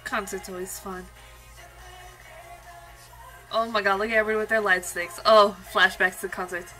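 A woman's voice: mid-range voice, level tone, moderate pace, pushed and bright, low-quality recording. A young woman hosting a music video reaction, chatty and gushing as she comments. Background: faint music.

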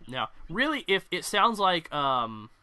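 A man's voice: sits high, big pitch swings, measured pace, sharp tone. A young man hosting a casual podcast, ranting with strong opinions and some swearing. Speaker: podcast host.

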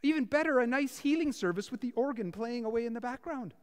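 A man's voice: very high-pitched, animated, quick pace, long reverb tail, pitched above the performer's own voice. A man acting out a proud, indignant army commander in a sermon, ranting with pompous self-importance. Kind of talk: sermon acting out a scripture figure.

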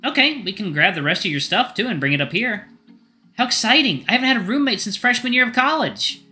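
A man voicing a gentle, caring male dog who works as a doctor, earnest and apologetic. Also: high-pitched, big pitch swings, fast talker, soft background music, pitched above the performer's own voice, exaggerated voice. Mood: cheerful.

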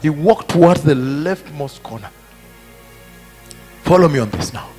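A man preaching a sermon at a conference, repeating his phrases emphatically and building to shouted peaks. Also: a little high, lively intonation, a little slow, breathy edge. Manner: emphatic and repetitive, rising to shouted climaxes. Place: large conference hall. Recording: reverberant hall with faint music.

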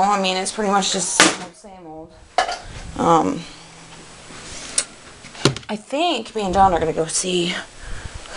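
Breathless young mom, noisy home recording. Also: female voice, medium pitch. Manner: rambling, sighing, mid-task while tidying. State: out of breath, panting. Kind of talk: casual home vlog chat. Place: child's bedroom at home.

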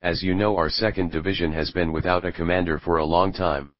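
A man reading the lines of a calm, fatherly old pirate captain in a storybook reading. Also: sits low, fairly quick, no room sound, dull audio, lightly acted.

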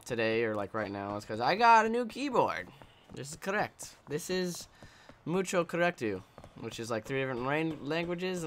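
A man's voice: mid-range voice, a bit bright, a little hiss or hum. A man giving casual let's-play commentary while he games, rambling, joking and swearing. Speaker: gameplay commentator.

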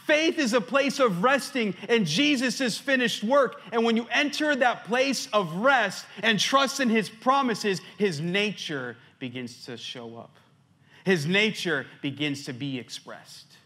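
A man pastor preaching a sermon, swinging between loud emphatic stretches and hushed ones, a little out of breath. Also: sits high, expressive, unhurried.

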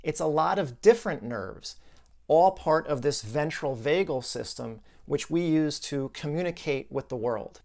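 A man's voice: on the high side, expressive, unhurried, vocal fry, darkish tone. A man explaining a client's case in a conversational video lesson, thinking aloud with asides and restarts.

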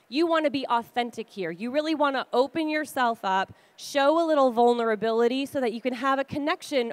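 A woman's voice: high voice, no room sound. A woman giving a conversational advice talk, chatty and acting out little quoted exchanges. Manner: chatty, acts out quoted dialogue.

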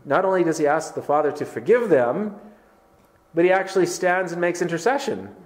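Emphatic preacher, higher-pitched man. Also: expressive, fairly quick, darkish tone. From Canada. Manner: emphatic, rhetorical questions to the congregation; conversational with filler words. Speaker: pastor. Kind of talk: sermon.

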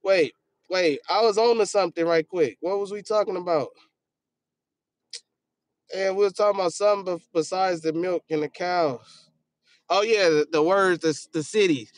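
A man's voice: high voice, normal speed, long pauses, dry recording. A man hosting a casual livestream, reading viewer comments aloud in a loose, joking and profane way, often trailing off into a mumble. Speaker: livestream host.

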